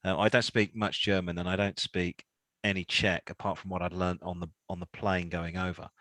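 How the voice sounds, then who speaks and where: A man's voice: low-pitched, flat delivery, normal speed, sharp tone, dry recording. A man co-hosting a casual chat show, joking and rambling as he reads out listener messages. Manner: joking, rambling, puts on silly voices. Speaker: podcast co-host.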